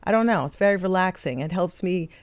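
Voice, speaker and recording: A woman's voice: on the low side, animated, quick pace, no echo. Woman co-hosting in a dry studio. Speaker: radio show co-host. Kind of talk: casual chat. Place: radio studio.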